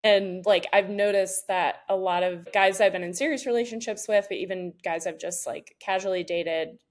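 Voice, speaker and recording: A woman's voice: mid-range voice, steady tone, normal speed. A woman co-hosting a podcast, chatty and anecdotal, with frequent "like" fillers. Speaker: podcast co-host. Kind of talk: casual podcast chat.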